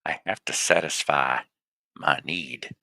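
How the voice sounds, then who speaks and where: A man with a low, very bright voice hosts a record show, chatting casually between songs. He rambles and restarts his phrases as he goes. The sound is dry and close. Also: measured pace, no room sound.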